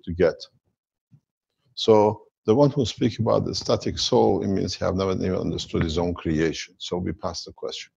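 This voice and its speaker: A man giving a rambling spiritual lecture, explaining slowly in non-standard English. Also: low-pitched, gravelly, darkish tone, breathy edge, no room sound, lo-fi sound. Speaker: workshop lecturer.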